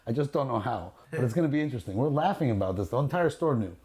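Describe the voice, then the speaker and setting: A luxury jewelry dealer talks very fast in a medium pitch, telling a story on a casual podcast from his jewelry store. Laughing as he goes, he swears freely and performs the quoted lines with energy.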